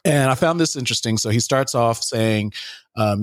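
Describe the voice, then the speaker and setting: A man's voice: medium pitch, moderate pace, dry recording. A man co-hosting a podcast, retelling a Bible story in casual, slangy, jokey chat. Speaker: podcast co-host.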